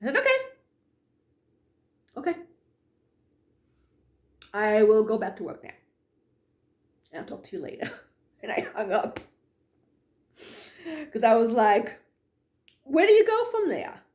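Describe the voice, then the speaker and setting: Woman, storyteller, personal ghost story, slightly high voice, echoey room. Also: unhurried, long pauses. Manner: animated, drops to hushed tones.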